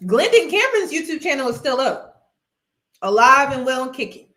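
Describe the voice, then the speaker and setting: A woman's voice: sits high, big pitch swings, normal speed, a bit bright. Emphatic woman vlogger in an echoey room. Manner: emphatic, repeats points, addresses viewers as y'all. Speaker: vlogger commentator. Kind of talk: casual commentary.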